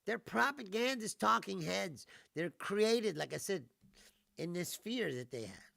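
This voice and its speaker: A man's voice: high voice, sing-song, measured pace, gravelly, pushed and bright, dry recording, clean studio sound. A middle-aged man hosting his own show, ranting casually with lots of swearing and laughter, mocking and sarcastic. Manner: swears a lot and laughs often. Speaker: show host. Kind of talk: casual profane rant.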